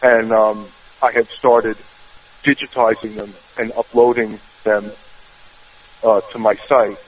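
A man's voice: lowish voice, flat delivery, takes it slowly. A man with a New York accent calling in to a radio show, talking hesitantly with many filler sounds. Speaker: caller. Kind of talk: call-in radio chat. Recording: tinny distant phone line.

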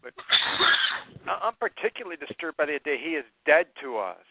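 A man's voice: fairly high pitch, sing-song, fairly quick, vocal fry, background noise. A man hosting a talk show who reads out a text and rebuts it in an indignant, emphatic way, with stumbling restarts. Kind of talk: reading a text aloud and rebutting it. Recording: dry tinny phone-like line.

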